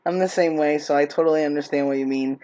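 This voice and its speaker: A woman's voice: low-pitched, fairly even intonation, quick pace, muffled recording, heavy background noise. New York woman hosting a call interview. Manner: warm, encouraging, laughs often. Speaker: interview host, advocacy founder. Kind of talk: casual interview chat. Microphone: video call.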